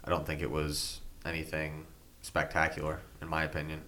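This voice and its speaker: Deep, bright-toned man giving blunt takes. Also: completely flat delivery, normal speed. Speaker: podcast co-host. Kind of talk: casual wrestling recap chat.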